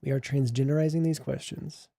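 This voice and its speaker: A man's voice: medium pitch, steady tone, fairly quick, vocal fry, warm tone, no room sound, clean studio sound. A young man hosting a casual livestream, chatty and joking as he reads the chat aloud. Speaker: livestream host.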